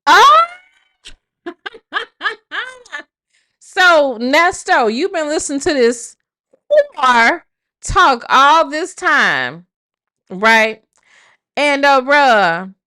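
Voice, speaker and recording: A woman's voice: sits high, very animated, slow pace, sharp tone. A woman commenting on a call recording, sassy and mocking, piling on rhetorical questions. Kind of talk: comedic commentary.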